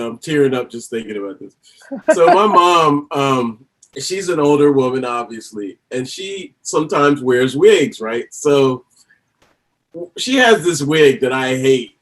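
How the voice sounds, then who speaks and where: Guy on a podcast, bit high voice, animated, laughs a lot telling stories. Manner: animated storyteller, laughs often. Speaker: podcast guest. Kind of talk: casual interview chat.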